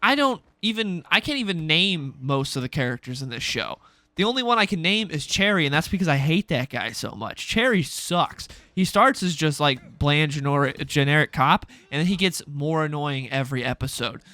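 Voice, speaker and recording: A young man delivering a heated solo rant as a video creator. He sounds exasperated and sarcastic and talks in rapid-fire bursts. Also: a little high, big pitch swings, sharp tone, no echo.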